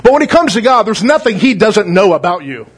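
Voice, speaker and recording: High-voiced pastor, folksy and joking. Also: male voice, sing-song, fairly quick, slightly rough. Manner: folksy, joking, asks "right?" often. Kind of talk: conversational sermon.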